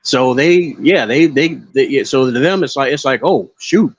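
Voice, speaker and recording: A man co-hosting a casual gaming podcast, halting, with many restarts and repeated words. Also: mid-range voice, no room sound, dull audio. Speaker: podcast co-host.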